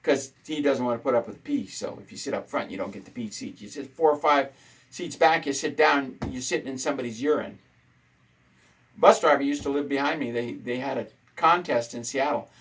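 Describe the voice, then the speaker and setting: A man's voice: mid-range voice, fairly quick, fairly bright tone, husky, low-quality recording. A man hosting a casual talk show, ranting indignantly and repeating his points for emphasis. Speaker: host.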